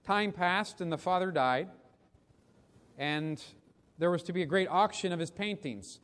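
A preacher with a fairly high voice tells a story slowly and solemnly, drawing out his words. His voice carries the long reverb of a large church sanctuary. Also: fairly bright tone. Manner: slow, deliberate, solemn. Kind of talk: sermon storytelling. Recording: long reverb of a big hall.

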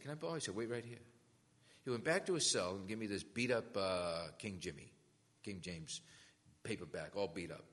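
A man's voice: low voice, a bit bright. A man telling his conversion story as a sermon, acting out the voices of the people in it. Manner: storytelling, acts out quoted voices. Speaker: preacher giving testimony. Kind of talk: testimony sermon. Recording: long hall reverb.

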